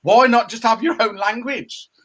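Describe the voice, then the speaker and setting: A middle-aged man, co-hosting a casual chat show from home and given to animated, jokey rants. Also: very high voice, normal speed, slight background noise. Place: home room by a window. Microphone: laptop camera.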